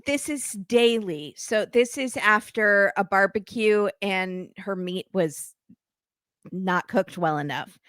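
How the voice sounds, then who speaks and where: A woman's voice: medium pitch, fairly even intonation, slow pace, fairly bright tone, no echo, clean studio sound. Wry woman co-hosting a reality TV chat. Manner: wry, sarcastic commentary. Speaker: podcast co-host. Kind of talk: casual chat recapping reality TV.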